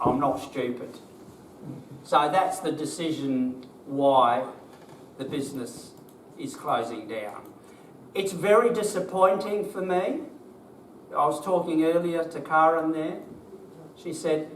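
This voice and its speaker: An older Australian man with a fairly high voice tells a group his story, plain-spoken and emotional, asking them rhetorical questions. He is caught from a distance in a roomy, echoing space, with faint ambience behind him. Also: slight background noise. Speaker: business owner giving a talk.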